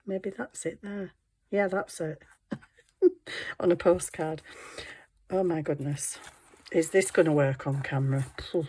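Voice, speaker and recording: A woman's voice: sits low, a little slow, long pauses, darkish tone, breathy edge. A middle-aged woman, chatting casually and giggling as she shows her craft work. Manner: chatty, giggly, self-deprecating. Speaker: craft vlogger. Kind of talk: casual show-and-tell narration.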